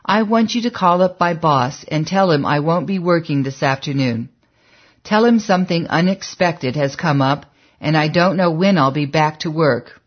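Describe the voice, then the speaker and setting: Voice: mid-range voice, moderate pace, muffled recording, close to an everyday voice. Narrator doing an anguished weary preacher. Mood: resolute. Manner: earnest, pleading. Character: troubled adult male preacher, weary and anguished. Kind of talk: audiobook character voice.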